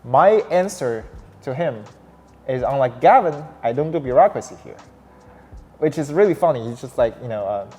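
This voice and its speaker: Soft music plays in the background while a young man, founder of a startup, shares his story in a casual interview. He speaks at a normal speed with a medium-pitched voice, animated, full of fillers and false starts, amid long hall reverb and faint noise.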